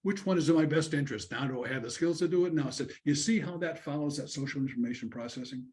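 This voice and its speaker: A man's voice: fairly high pitch, fast talker, darkish tone. A man giving an online conference lecture on counseling students, talking conversationally and acting out what a student and a counselor would say. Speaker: conference presenter. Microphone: video call.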